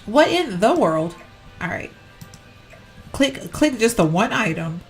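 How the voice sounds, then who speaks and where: A woman chats through a game decorating session, her voice bouncing up and down in pitch as she rambles and corrects herself. Faint music plays under her commentary. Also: big pitch swings, takes it slowly. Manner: chatty, rambling, self-correcting, giggly. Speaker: Sims gameplay YouTuber. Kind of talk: casual gameplay commentary.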